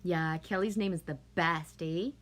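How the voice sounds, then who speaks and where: A woman's voice: on the low side, unhurried. A middle-aged woman from Canada chatting casually with viewers, telling stories, swearing freely and laughing often. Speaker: livestream host.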